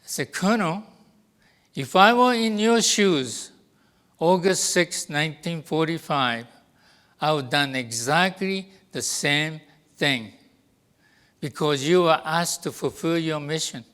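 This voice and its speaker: Older man, English speaker, storytelling to an audience, smooth resonant voice, fairly high pitch. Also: fairly bright tone. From Japan. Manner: deliberate, acts out quoted dialogue. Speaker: guest speaker.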